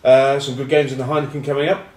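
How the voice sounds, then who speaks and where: A man's voice: mid-range voice, little pitch movement, fast talker, a little mellow. A man, rambling wryly and cheekily in casual rugby chat to camera. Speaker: rugby pundit and vlog host. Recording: roomy echo, distant mic.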